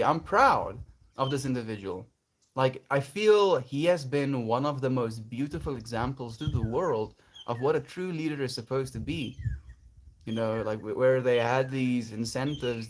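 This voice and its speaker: A man's voice: mid-range voice, slight background noise. A man chatting casually on a livestream, reflective and earnest, laughing often as he answers his chat.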